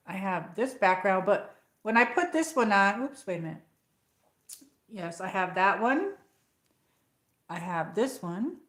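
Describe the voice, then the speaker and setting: A woman with an upstate New York accent chats casually on a livestream, wandering from one thought to the next and answering her viewers' comments. Her voice sits at a middle pitch. She is recorded at home in an echoey room. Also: fairly bright tone. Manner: rambling, chatty, reads out viewer comments. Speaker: livestream host. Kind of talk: casual live chat.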